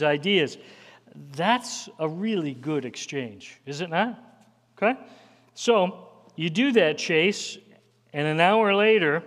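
A high-pitched man preaches slowly and earnestly, stacking up lists and turning to his congregation with plain questions. His voice rings out with a long hall reverb, as in a church sanctuary. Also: fairly bright tone. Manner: earnest, conversational preaching with repeated lists and asides. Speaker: pastor. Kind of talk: sermon.

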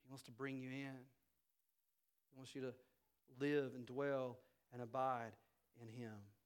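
A male pastor preaching a sermon to his church, swinging from loud, emphatic climaxes down to quiet, intimate passages. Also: mid-range voice, flat delivery, unhurried, smooth. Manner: rises to loud emphatic preaching, then drops soft.

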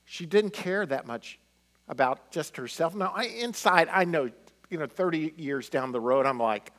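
A middle-aged man telling personal stories in a conversational sermon, animated and full of fillers. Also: fairly high pitch, moderate pace. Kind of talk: sermon storytelling.

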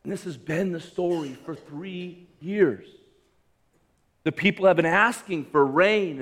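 High-voiced male preacher, animated delivery. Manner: reads scripture aloud, then comments with humor and emphasis; swings between loud raised lines and quiet low drops. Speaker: pastor. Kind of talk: sermon.

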